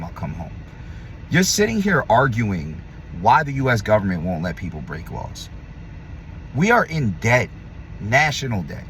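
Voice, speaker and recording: A vlogger, male, rants straight to camera with a heated, blunt opinion, profane and combative, lurching from loud emphasis to low muttering. There's slight background noise.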